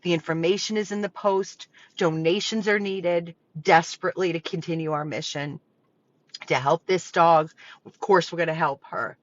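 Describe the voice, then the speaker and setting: A woman's voice: lowish voice, steady tone, normal speed, no room sound, lo-fi sound. A woman who runs a dog rescue, making an emotional, pleading appeal straight to her viewers from the rescue property. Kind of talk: impassioned direct appeal to viewers.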